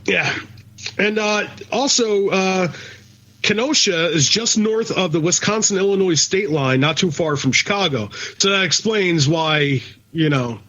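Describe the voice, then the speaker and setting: A man with a Philadelphia accent and a notably high voice rambles through casual podcast banter. He swears freely and wanders off on tangents. The recording sounds dull and lo-fi. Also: animated, unhurried, fairly bright tone. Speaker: podcast co-host.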